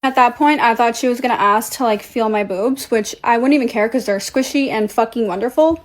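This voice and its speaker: Speaking briskly in a fairly high voice, a young native Portuguese speaker tells a casual story. She's animated, blunt and swears freely.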